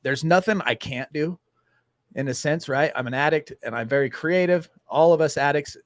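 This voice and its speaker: A man hosting a casual talk show, telling a story with lively acted-out dialogue. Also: on the high side, normal speed, no echo, studio quality. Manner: animated storyteller acting out dialogue. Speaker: host.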